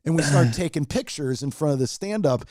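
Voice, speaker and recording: A man's voice: a little high, animated, brisk, a little mellow, no echo, clean studio sound. A man who is a radio personality, a guest on a podcast, telling a heartfelt personal story in a rambling, emotional way with many restarts. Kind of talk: casual storytelling chat.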